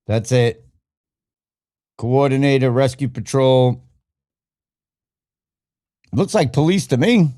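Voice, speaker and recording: A man's voice: medium pitch, slow pace, pauses often. A man hosting a podcast, ranting casually and swearing a lot while he thinks aloud and clicks through things. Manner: profane, animated, thinking aloud while browsing. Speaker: podcast host.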